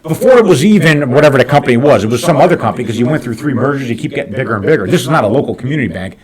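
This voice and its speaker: Fast-talking man telling a heated story. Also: medium pitch, crowd noise. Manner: fast, heated, animated storytelling with frequent swearing. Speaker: business owner and podcast host. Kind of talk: casual podcast storytelling.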